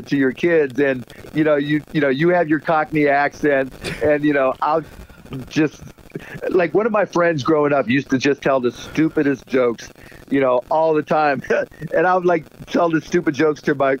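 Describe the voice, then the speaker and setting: Man, middle-aged, show guest, casual chat, animated storytelling, slightly higher voice, muffled lo-fi sound. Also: normal speed, slight background noise. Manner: animated storyteller, acts out quotes, laughs often. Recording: dull lo-fi sound.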